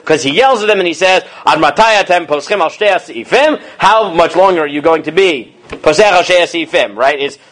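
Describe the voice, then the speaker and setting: A man's voice: fairly high pitch, expressive, brisk, a bit bright. A male rabbi teaching an informal Torah class. He chants Hebrew verses, then paraphrases them and acts out the quotes casually, often asking the students "right?".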